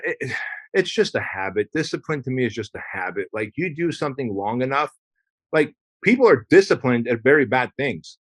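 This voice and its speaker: A man of ordinary pitch talking as a podcast guest, emphatic and loose, slipping into acted-out dialogue. The sound is close and dry, with no room around it. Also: no echo. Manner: emphatic, acts out quoted dialogue, casual swearing. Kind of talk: casual conversational interview.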